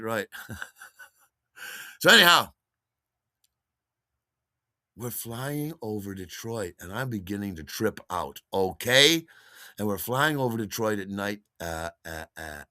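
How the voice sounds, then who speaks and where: Man telling a story, animated, does voices, low pitch, dry close sound. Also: a little slow, no room sound. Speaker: podcast host. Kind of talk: casual storytelling monologue.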